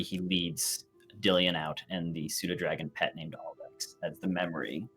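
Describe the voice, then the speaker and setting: A man's voice: deep voice, gravelly, a bit bright. A man running a tabletop game as game master, describing scenes with frequent fillers.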